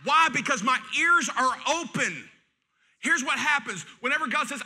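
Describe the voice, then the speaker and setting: A middle-aged man, preaching a sermon in a folksy, joking and animated way. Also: very high voice, fairly quick. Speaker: pastor.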